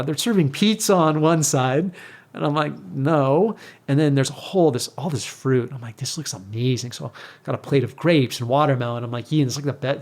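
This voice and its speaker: Chatty man telling a story. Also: on the high side. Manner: animated, acts out quoted exchanges. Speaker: guest. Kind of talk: casual storytelling.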